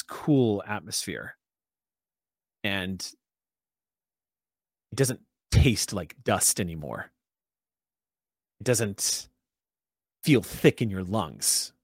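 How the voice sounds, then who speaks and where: A man's voice: on the low side, dry recording. Game master, a man, conversational storytelling, dry close sound. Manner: descriptive, conversational narration with fillers. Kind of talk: narrating a tabletop game.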